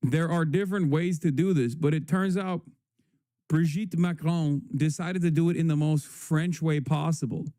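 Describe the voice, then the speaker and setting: A man's voice: fairly high pitch, fairly even intonation, moderate pace, warm tone, dry recording, clean studio sound. A man hosting a livestream, giving rambling, sarcastic, crude commentary on the news. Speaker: livestream host.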